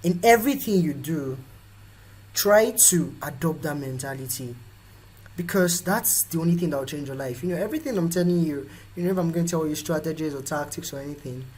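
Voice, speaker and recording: Husky Nigerian man giving a pep talk. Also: fairly high pitch, a little fast, low-quality recording. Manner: animated, acts out quoted voices. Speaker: host. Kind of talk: motivational live talk.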